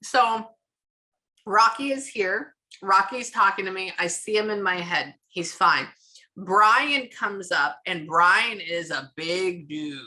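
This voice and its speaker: Bright-voiced chatty woman medium. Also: mid-range voice, poor audio. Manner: chatty, retells what she hears in quick bursts. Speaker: psychic medium. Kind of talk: casual reading session.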